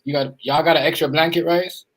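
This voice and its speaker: A man's voice: fairly high pitch, steady tone, brisk, a crowd in the background, low-quality recording. A man hosting a podcast in casual chat, talking loosely and repeating his phrases. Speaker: podcast host.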